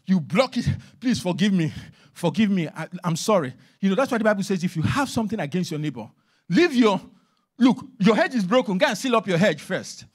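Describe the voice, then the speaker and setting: A man preaches a sermon in a church, his voice set high and leaping across a wide, animated range. He drives points home emphatically, then sinks into hushed asides. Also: slightly rough. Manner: emphatic preaching, swings between loud and hushed. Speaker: minister.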